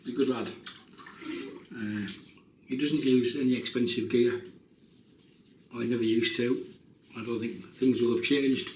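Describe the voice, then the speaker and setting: A man in his fifties chats casually while shaving at home, joking and making self-mocking asides as a shaving vlogger. His medium-pitched voice is fairly even, at normal speed with frequent pauses. The recording is roomy and off-mic, picked up by a distant mic with faint noise.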